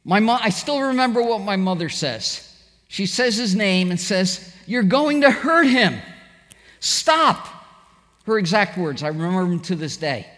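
High-voiced preacher in a reverberant hall. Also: male voice, moderate pace. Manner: storytelling preacher, animated, acts out quotes. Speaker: pastor. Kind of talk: sermon.

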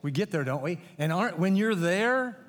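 Middle-aged man, folksy pastor preaching with jokes; higher voice, long reverb of a church hall. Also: animated, moderate pace. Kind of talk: sermon.

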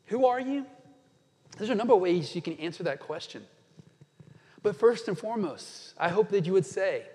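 A man preaching a sermon as pastor, earnest, slowing down dramatically when he quotes scripture. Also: sits high, expressive, a little mellow. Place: church sanctuary. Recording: church hall reverb.

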